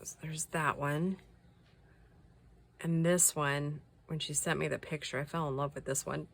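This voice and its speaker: Gravelly, gushing woman vlogger. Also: deep voice, fairly even intonation, unhurried. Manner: gushing, soft-spoken, drops to whispers. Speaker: craft vlogger showing subscriber mail. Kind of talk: casual chat.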